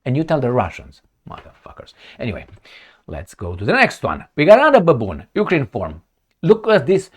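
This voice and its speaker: Mocking, animated male commentator. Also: on the high side. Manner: sarcastic, mocking, emphatic. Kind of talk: profane political commentary.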